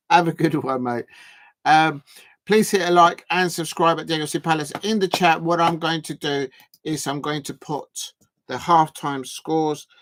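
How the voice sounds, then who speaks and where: A man's voice: a little high, a little slow, fairly bright tone. Chatty guy streaming football. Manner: rambling and chatty, drawing out words as he types. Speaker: football watch-along streamer. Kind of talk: casual live football chat.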